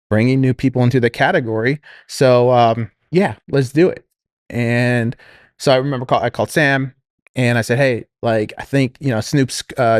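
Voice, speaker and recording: A man's voice: medium pitch, no echo, studio quality. A man casually telling a business story on a podcast, rambling with fillers and restarts and quoting others. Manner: quotes others in lively voices.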